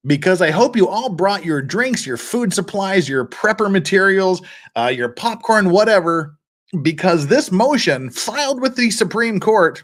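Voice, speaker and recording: A man's voice: high-pitched, big pitch swings, a little slow, fairly bright tone. A middle-aged man hosting a live stream, chatting casually, reading out viewer comments and laughing often. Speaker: livestream host.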